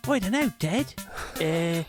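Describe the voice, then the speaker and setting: A man putting on a high, jokey Australian accent in a comic accent bit. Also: expressive, unhurried, over music. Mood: playful. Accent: put-on Australian. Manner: jokey, high and sing-song. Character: man with a put-on high Aussie voice.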